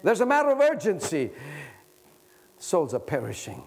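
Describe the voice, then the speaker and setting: Impassioned high-voiced male preacher. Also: huge pitch swings, breathy edge. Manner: impassioned, swings from loud urgent pleading to hushed low tones; slows down to stretch out key words. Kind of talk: sermon.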